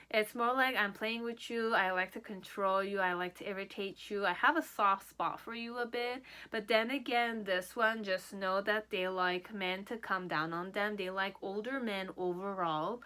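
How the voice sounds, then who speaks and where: A woman with a bright, sharp voice giving a pick-a-card tarot reading. She talks in first person as the person the cards describe. Her delivery wanders and hedges, and she keeps checking in with "okay?". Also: medium pitch. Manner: rambling and tentative, often checking in with "okay?". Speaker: tarot reader.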